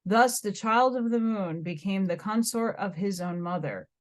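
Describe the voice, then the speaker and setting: A woman's voice: medium pitch, normal speed. An American woman reading a dense old book aloud, stumbling over hard words and restarting them. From United States. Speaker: reader.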